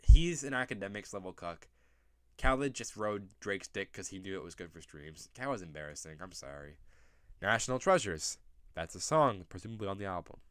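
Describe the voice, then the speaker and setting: A young man hosting a casual commentary video, ranting sarcastically and profanely with sudden loud outbursts. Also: low voice, expressive, fairly quick, no echo, clean studio sound. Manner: profane, rambling, sarcastic rants. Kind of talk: casual commentary reacting to pictures.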